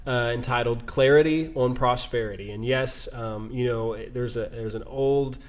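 A man's voice: medium pitch, moderate pace. A man hosting a casual podcast, talking in a rambling, self-deprecating way with many restarts. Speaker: podcast host. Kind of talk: casual chat.

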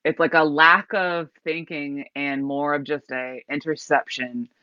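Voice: mid-range voice, fairly even intonation, measured pace, bright, forceful tone, no room sound. A singer-songwriter guest telling a story in a casual interview, rambling with many likes and restarts. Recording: dull lo-fi recording.

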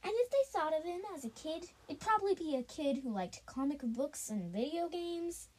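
A woman improvising a told story, halting often with restarts and fillers. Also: high voice, animated, darkish tone, rough recording.

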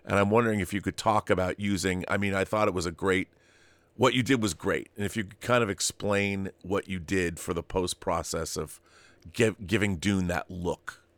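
Low-voiced male interviewer, dry sound. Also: fairly even intonation, normal speed, fairly bright tone, dry recording. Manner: friendly, complimentary, brief affirmations. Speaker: interviewer host. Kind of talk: casual interview questions.

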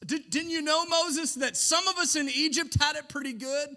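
A man's voice: extremely high pitch, moderate pace, vocal fry, bright, forceful tone, pitched above the performer's own voice, heavily acted. A man voicing a whiny, entitled male rebel leader who complains and pines for the easy old days. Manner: complaining, nostalgic whine.

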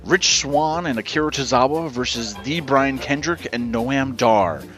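A man hosting a wrestling podcast, briskly calling out matches in casual chat. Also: medium pitch, fairly bright tone, faint music behind. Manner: brisk, runs the segment. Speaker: podcast host.

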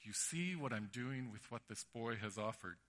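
A man voicing a kindly, playful teacher figure in a retold story, speaking low, soft and slow. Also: lively intonation, natural voice. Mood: gentle.

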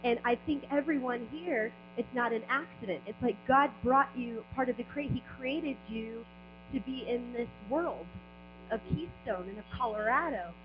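A woman's voice: fairly high pitch, normal speed. A woman at a church service sharing an earnest, rambling testimony, repeating and stumbling over her words. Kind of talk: spontaneous testimony. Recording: dull sound with a clear mains hum.

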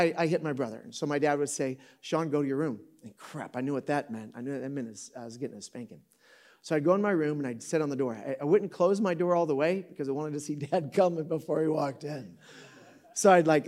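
Slightly mellow and pitched on the high side, the voice belongs to a fifty-something pastor from Michigan. His preaching to the auditorium audience is conversational, full of jokes and self-corrections as a story unfolds.

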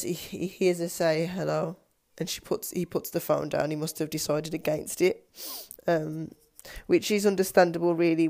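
A woman with a low voice talks through a film's story in a loose, casual way. She stops often to say um and goes back to restart her sentences. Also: vocal fry, dark tone. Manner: hesitant, many ums and restarts. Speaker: film discussion vlogger. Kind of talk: casual plot retelling.

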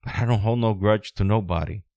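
A man hosts a solo podcast, ranting in a blunt, profane way. His lowish voice sinks low and quiet, then climbs loud and high when he gets heated. The sound is dry and close, with no room echo. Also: brisk. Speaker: podcast host.

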